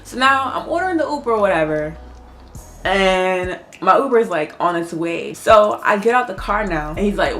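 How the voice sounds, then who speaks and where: Woman vlogger telling a storytime, lively and sweary, laughs a lot, faint music behind. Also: mid-range voice, moderate pace. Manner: animated, swears freely, laughs often. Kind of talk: casual storytime.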